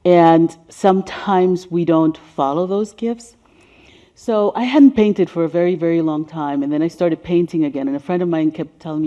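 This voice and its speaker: A woman of about seventy speaks in a low, deep and mellow voice, giving a seminar presentation. Her delivery is soft and sinks into whispers at emotional points. The recording is dull and lo-fi. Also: moderate pace. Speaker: speaker on racial healing.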